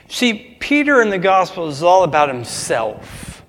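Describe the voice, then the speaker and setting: A man's voice: fairly high pitch, sing-song, a little slow, hardly any pauses, in a large hall. A man preaching a sermon as pastor, asking the congregation call-and-response questions.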